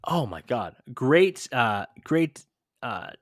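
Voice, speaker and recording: A man's voice: mid-range voice, big pitch swings, no echo, studio quality. A man co-hosting a podcast in casual chat, quizzing his partner and reeling off lists of names. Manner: quizzing, listing names quickly. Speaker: podcast co-host.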